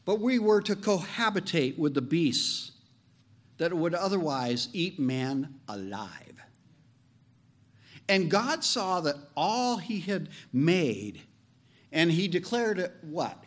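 A man preaching a sermon as pastor, animated and joking, leaning on slow emphatic phrases. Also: on the high side.

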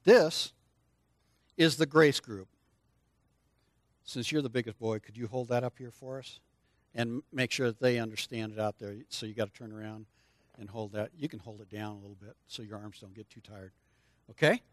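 Leading a children's lesson at church, an older preacher with a lowish voice talks at a normal speed and urges the young listeners to respond out loud. He sounds lively and coaxing, speaking straight to the kids, and there's no room sound.

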